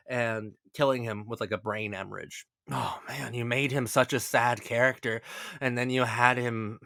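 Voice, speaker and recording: A man giving a casual spoken analysis as a video essay host, animated and excitable, stumbling over repeated words and swearing casually. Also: mid-range voice, dry recording, clean studio sound.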